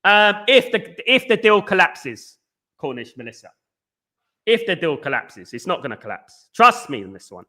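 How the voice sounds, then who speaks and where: A man hosting a live fan stream, talking very fast and answering viewer comments in casual chat. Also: on the high side, big pitch swings, bright, forceful tone.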